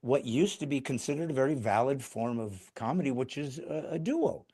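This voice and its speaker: A man hosting a podcast interview, talking eagerly and jumping in with quick interjections. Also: mid-range voice, animated, mellow, breathy edge. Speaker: podcast host.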